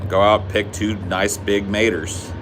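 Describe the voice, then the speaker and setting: A man's voice: lowish voice, level tone, measured pace, noisy background. A man from the United States co-hosting a podcast, trading casual banter and ranting in a profane, teasing way. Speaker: podcast co-host.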